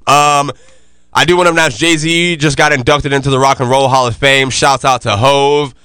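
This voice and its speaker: A man hosts a casual podcast, his voice bright and forward. He talks loosely, full of slang and fillers, in a crisp, smooth tone. The sound is dry and close to the mic. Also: medium pitch, fairly even intonation, normal speed, no echo. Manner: laid-back, loose slangy delivery with many fillers. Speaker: podcast host.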